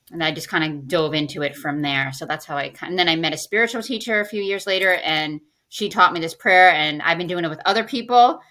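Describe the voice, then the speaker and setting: Bright-voiced woman telling a lively story. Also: on the low side. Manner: animated storyteller acting out her own past lines. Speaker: podcast guest, financial planner. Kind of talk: storytelling in casual interview.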